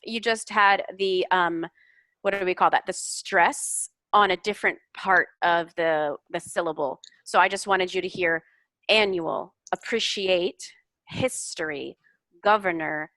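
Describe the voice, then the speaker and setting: A woman's voice: mid-range voice, sharp tone, no room sound. A woman giving patient, encouraging feedback as an English speaking tutor over a video call. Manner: encouraging, explains corrections patiently.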